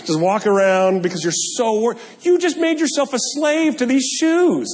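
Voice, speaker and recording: A male pastor preaching a sermon, animated and joking, with self-deprecating asides. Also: extremely high pitch, moderate pace. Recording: long hall reverb.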